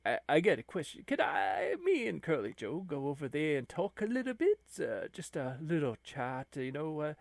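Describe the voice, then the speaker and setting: Guy running a role-play game, slow and rambly, gravelly, lively pitch. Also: dry recording, studio quality. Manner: rambling, halting, many fillers.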